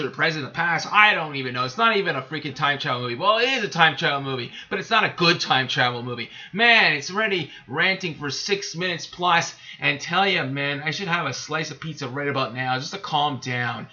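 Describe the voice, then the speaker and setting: A man hosting his own channel, delivering an angry solo rant to camera that swings up into shouting. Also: a little high, dull audio. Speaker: YouTube host.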